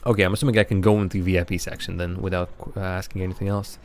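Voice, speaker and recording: A man's voice: deep voice, level tone, rapid-fire. A man streaming a game live, chatting and thinking aloud as he plays. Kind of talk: live game playthrough commentary.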